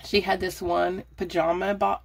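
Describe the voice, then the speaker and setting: Her voice is low-ish and gravelly, delivered flatly at normal speed. This middle-aged budgeting and decluttering vlogger, out of breath, rambles chattily through decluttering tips to her phone camera in a casual how-to talk.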